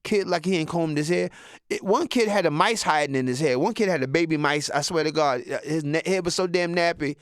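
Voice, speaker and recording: A man's voice: a little high, brisk, smooth, no echo, studio quality. A man in his sixties doing a profane, rambling stand-up monologue. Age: 60s. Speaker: comedian.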